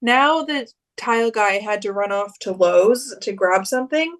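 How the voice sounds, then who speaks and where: A woman's voice: mid-range voice, expressive, unhurried. A young woman co-hosting a podcast, telling a story in a chatty way and acting out the quoted lines. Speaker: podcast co-host. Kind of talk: casual chat.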